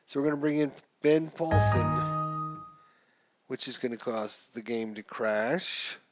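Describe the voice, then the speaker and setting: Slow-talking man narrating his game. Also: medium pitch, over music. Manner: chatty, thinks aloud, mutters rules while rolling. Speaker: gamer playing a baseball sim. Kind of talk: casual gameplay commentary.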